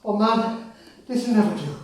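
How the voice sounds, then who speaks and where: An older man plays a gentle, remorseful, dying father in an amateur stage drama. He speaks softly and haltingly, with a wistful tone. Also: high-pitched, expressive, a little hiss or hum. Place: stage in a large hall. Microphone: far camera microphone. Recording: echoey hall from far off.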